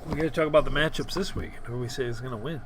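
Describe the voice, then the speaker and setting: A man's voice: medium pitch, very fast, noisy background. A man hosting a podcast in casual chat, loose and rambling, swearing and laughing often. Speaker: podcast host.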